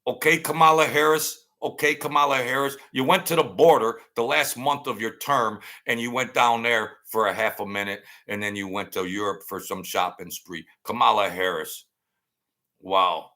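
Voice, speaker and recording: A man ranting on his own channel in a combative, sarcastic tone, hammering points by saying them twice. His mid-range voice has a gravelly, fry-laden grain. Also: medium pitch, fairly even intonation, moderate pace, sharp tone. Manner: combative and sarcastic, repeats lines for emphasis. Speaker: political commentary channel host. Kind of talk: ranting political commentary.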